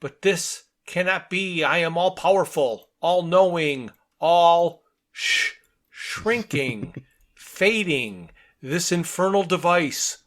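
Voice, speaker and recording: A man reading out a grandiose, power-mad ancient would-be king from a comic book, his voice lifted a little above its usual pitch. He proclaims his lines slowly and deliberately, like a ruler who cannot believe he is losing. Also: lively intonation, fairly bright tone. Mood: desperate.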